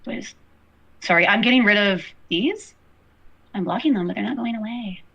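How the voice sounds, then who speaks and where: A woman's voice: medium pitch, normal speed, bright, forceful tone, slightly rough, lo-fi sound. A woman hosting a casual livestream, rambling and apologetic, her talk full of fillers. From Canada. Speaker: livestream host.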